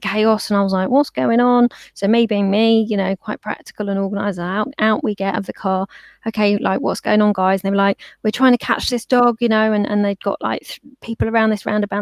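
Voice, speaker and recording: A pet therapist guest in a casual interview chats freely, telling animated stories and acting out quotes in different voices. Her mid-range voice is gravelly and creaky, and the audio is dry and close with no echo, like a call.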